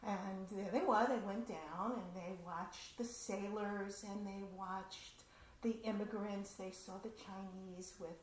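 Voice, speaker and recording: A woman performing a personal story at a community event, with a chatty, animated telling and asides. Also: mid-range voice, takes it slowly. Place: community center hall. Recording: roomy hall with faint noise.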